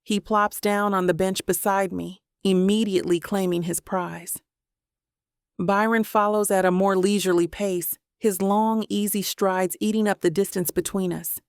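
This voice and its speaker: A woman narrating a first-person romance audiobook in a warm, emotional storytelling manner. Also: mid-range voice, steady tone, normal speed, clear, resonant tone, no room sound, clean studio sound.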